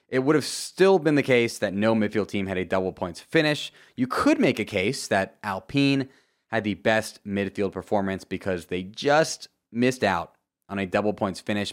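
A young man from Florida giving a casual, joking race recap with lively asides and sudden loud outbursts. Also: lowish voice. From Florida, USA. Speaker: motorsport commentator. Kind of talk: casual video commentary.

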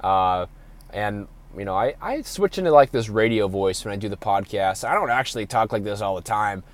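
A man hosting a solo fitness podcast, hoarse from being sick, talking in an energetic, announcer-like way with many fillers. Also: fairly low pitch, moderate pace. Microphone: podcast microphone.

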